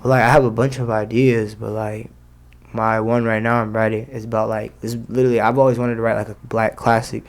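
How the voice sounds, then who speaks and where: Young rapper guy, gravelly voice, kinda flat, lots of slang and likes. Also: lowish voice, fairly quick. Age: young adult. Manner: slangy, loose, many fillers. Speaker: rapper guest. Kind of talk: casual interview.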